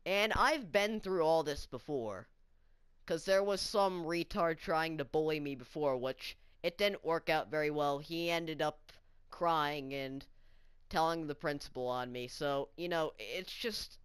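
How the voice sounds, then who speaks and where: Slow, indignant female vlogger ranting. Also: low-pitched, lively intonation, smooth, dry recording, studio quality. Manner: indignant, incredulous, swears often. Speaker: student vlogger. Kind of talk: story-time vlog rant.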